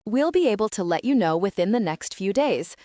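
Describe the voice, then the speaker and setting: A woman's voice: medium pitch, big pitch swings, fairly quick, warm tone, no echo, studio quality, natural voice. A woman voicing a very posh receptionist in a comedy audiobook. She speaks in a firm but polite tone.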